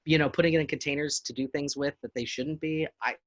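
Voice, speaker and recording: A man from Southwest Missouri, an actor guesting on a podcast, talking in a thoughtful, halting way. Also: a little high, steady tone, no echo. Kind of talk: casual chat.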